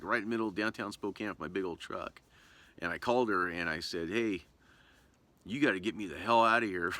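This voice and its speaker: A man's voice: deep voice, pushed and bright. A man from Southern Oregon telling a personal story to camera in a casual, rambling way, full of fillers and restarts. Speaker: vlogger.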